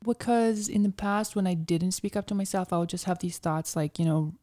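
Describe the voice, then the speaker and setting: Woman guest, dark and mellow tone, casual storyteller, filler-heavy. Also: lowish voice, a little fast. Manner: chatty storyteller, heavy use of "like". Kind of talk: casual interview conversation.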